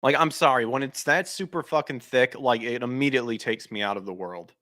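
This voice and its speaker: A man's voice: medium pitch, fairly quick, sharp tone, no echo. Man, podcast host, blunt casual rant, frequent swearing, stop-start sentences, dry close sound. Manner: restarts and trails off mid-sentence.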